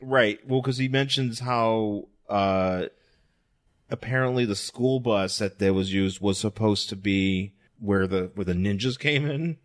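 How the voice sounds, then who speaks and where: Low-voiced man, rambling casual chat. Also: measured pace. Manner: rambling, restarts, jokey quoted voices. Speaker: podcast co-host.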